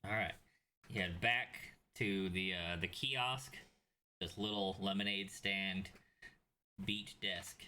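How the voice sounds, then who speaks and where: A man narrating as game master of a tabletop role-playing game, speaking in steady, plain narration with pauses. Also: sits low, a little hiss or hum.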